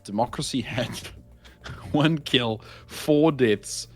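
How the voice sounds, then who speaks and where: A man's voice: medium pitch, slow pace, darkish tone, faint music behind. A man co-commenting a game tournament in a playful, joking way, slipping into mock pirate talk.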